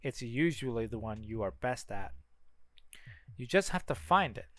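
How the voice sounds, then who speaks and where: A man's voice: mid-range voice, expressive, moderate pace, fairly bright tone, no echo, lightly acted. A man voicing a cocky young male mage who teases his little sister, in a strange made-up accent. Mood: teasing. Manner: odd put-on accent, teasing.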